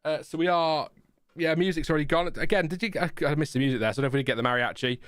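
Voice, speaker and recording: Guy rambling on a live stream, lots of ums, smooth voice. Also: fairly high pitch, very fast, fairly bright tone, dry recording, clean studio sound. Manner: rambling, chatty, laughs often, many fillers. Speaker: livestream host. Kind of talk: casual live watchalong chat.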